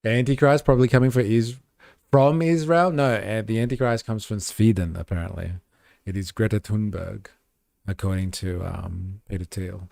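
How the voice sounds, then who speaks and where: A man's voice: on the low side, moderate pace, gravelly, a little mellow, dry recording, studio quality. A man hosting a livestream, casually commenting on news clips with sarcastic, profane reactions. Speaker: livestream host.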